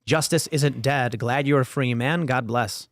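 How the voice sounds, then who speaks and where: A man's voice: medium pitch, unhurried, no echo. Stammering male podcast host, dry sound. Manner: stammering, repeats words while starting sentences. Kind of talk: casual panel chat reading viewer comments.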